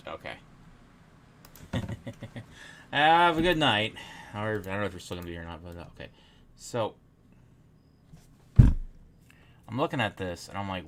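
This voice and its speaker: A man's voice: sits low, a bit bright, a little hiss or hum. A man streaming live as he works at his computer, chatting casually, muttering to himself and swearing often.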